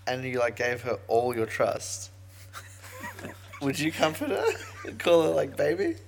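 Teasing Australian man with a gravelly voice. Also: medium pitch, expressive, takes it slowly. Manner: joking, teasing. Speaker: podcast co-host. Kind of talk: casual chat.

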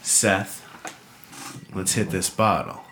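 A man's voice: deep voice, big pitch swings, slow, creaky, background noise. A man in his thirties hosting a podcast, rambling through swear-laced stories in casual chat over drinks. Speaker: podcast host.

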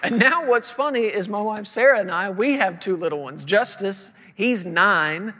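Brief: man in his 30s, storytelling pastor, high and bright, reverberant church hall. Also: moderate pace, some chatter behind, a little hiss or hum. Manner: storytelling, acting out voices, humorous. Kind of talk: sermon.

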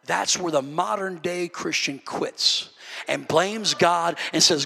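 Male preacher, high and sharp, emphatic folksy sermon delivery; long church reverb. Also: moderate pace, gravelly, breathy edge. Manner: fervent, emphatic, folksy asides. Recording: echoey church hall.

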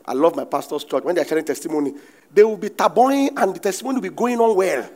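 Animated Nigerian pastor preaching. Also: male voice, high-pitched, fast talker. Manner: animated preaching with bursts of shouting and laughter. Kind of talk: sermon.

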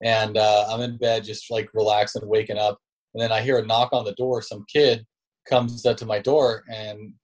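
A man's voice: fairly low pitch, flat delivery, normal speed. A man guesting on a podcast as a sales leader, telling stories in a loose, slangy way. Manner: laid-back, slangy, says bro and dude. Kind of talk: casual storytelling interview talk.

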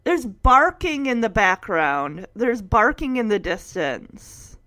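A woman's voice: medium pitch, very animated, slow pace, sharp tone. A woman hosting a casual, emotional film recap, acting out the characters and laughing often. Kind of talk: casual chat.

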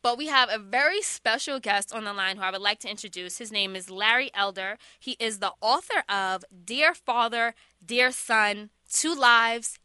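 Woman talk radio host, bright voice, dry studio sound, chatty. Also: on the high side, moderate pace, smooth, no echo. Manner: chatty, laughs often.

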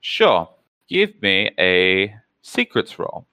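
A man's voice: low-pitched, wildly swooping pitch, extremely slow, pushed and bright, no room sound. A man running a tabletop game as game master, describing scenes in long runs of detail. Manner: descriptive, fond of lists of details. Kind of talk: improvised tabletop game narration.

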